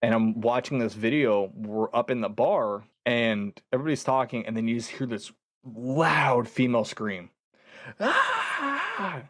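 A man's voice: medium pitch, moderate pace, dry recording, studio quality. Young man telling a ghost story. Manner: animated storyteller, acts out quoted voices, laughs often. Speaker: podcast guest, ghost hunter. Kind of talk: casual storytelling chat.

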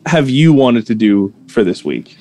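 A man's voice: medium pitch, lively intonation, mellow. A man running a tabletop role-playing game as game master, narrating scenes with frequent stumbles and restarts. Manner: halting, many restarts while describing scenes.

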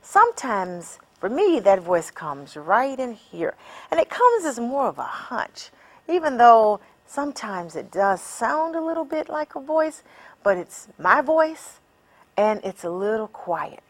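A woman hosting a self-help podcast, speaking in a calm coaching way that builds to emphatic encouragement. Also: on the high side. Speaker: podcast host. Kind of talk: reflective self-help teaching.

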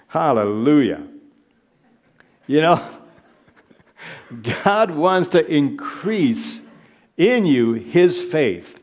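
A man's voice: mid-range voice, expressive, slow, pauses often. A middle-aged man preaching a sermon, earnest and repeating phrases for emphasis.

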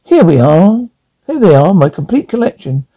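An actor playing an irritable retired husband who grows coldly menacing. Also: male voice, high voice, normal speed, slightly rough, lo-fi sound, full character voice. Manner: irritable, then calm and creepy. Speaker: retired husband turned taxidermist.

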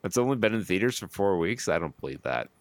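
Man, podcast co-host, deep voice, wry box office rundown. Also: expressive. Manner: wry, quick asides. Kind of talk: reading box office numbers in casual podcast chat.

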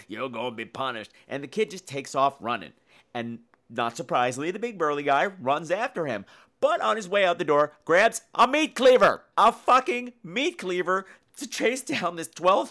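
A man hosting a podcast, retelling a horror film in a campy, animated way. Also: on the high side. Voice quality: campy, animated storytelling with acted-out voices. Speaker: podcast host. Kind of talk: casual film review podcast.

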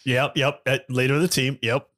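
A man at a tabletop game rambles along in a wry, filler-heavy way. His voice sits at an everyday middle pitch. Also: level tone, fairly quick, fairly bright tone. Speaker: player. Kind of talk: casual in-character tabletop play.

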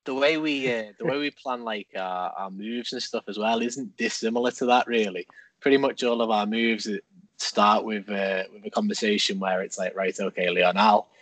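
A man, a wrestler guest on a podcast, explaining things in a measured way. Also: fairly low pitch, fairly even intonation, a bit bright, dry recording. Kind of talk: casual podcast talk.

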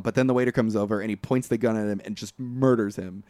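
A man in mid pitch retells a film's plot at length as a podcast co-host, rambling and swearing, with bursts of disbelief. His voice sits close and dry against the mic, with no room around it. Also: fast, no echo. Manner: rambling, profane, animated retelling. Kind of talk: casual movie recap chat.

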